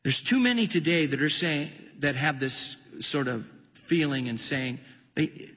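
Male preacher, husky voice with a lot of rasp, lively and rising pitch, sermon in an echoing hall with long reverb. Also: normal speed. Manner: impassioned, emphatic preaching with repeated words.

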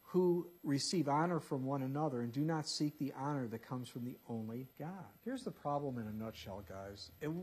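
A man's voice: medium pitch, moderate pace, hardly any pauses, a little mellow, husky. A man preaching a sermon, reading scripture with emphasis and dropping into casual asides.

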